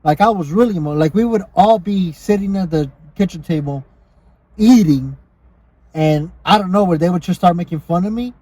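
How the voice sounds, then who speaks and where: A man's voice: sits high, normal speed, mellow. A man co-hosting a podcast, telling rambling stories in loose casual chat, swearing often. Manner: loose, rambling storytelling with frequent swearing and laughs. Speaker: podcast co-host.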